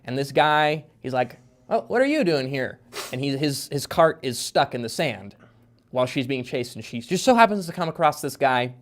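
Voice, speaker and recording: A man's voice: mid-range voice, moderate pace. A man in casual podcast chat, a guest author explaining at length with lots of fillers and restarts. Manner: rambling, filler-heavy explaining.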